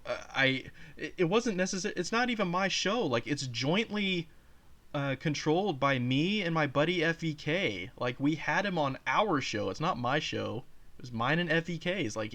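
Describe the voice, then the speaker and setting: A man's voice: fairly high pitch, a bit bright. A man hosting a reaction video, talking casually, swearing and defiant. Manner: profane, sarcastic, defiant. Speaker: YouTube host.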